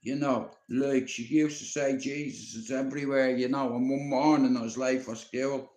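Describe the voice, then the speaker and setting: A man's voice: mid-range voice, steady tone, normal speed, darkish tone. Dublin fella in his fifties rambling on a live stream, swears a lot, bit of room echo. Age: 50s. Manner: rambling, sweary, full of "you know". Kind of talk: casual storytelling on a live stream. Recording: roomy echo.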